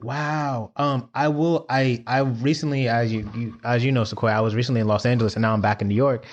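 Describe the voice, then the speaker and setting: A man co-hosting a podcast in casual chat, expressive and playful. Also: brisk, muffled recording. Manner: expressive, swooping pitch, playful. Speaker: podcast co-host.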